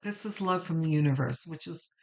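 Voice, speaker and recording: With a medium pitch and a fairly quick pace, a tarot reader walks viewers through the week's cards. Her talk is reflective and meandering, packed with fillers and restarts, and she's emotional enough to be near tears.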